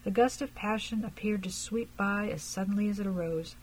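A woman narrating an audiobook in a measured, even reading. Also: medium pitch, breathy edge, poor audio.

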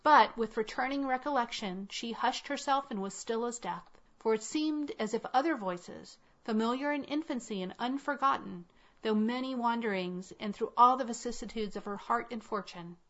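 A woman narrating a classic tale in a measured, unhurried reading. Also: a little high. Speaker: audiobook reader. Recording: dull lo-fi recording.

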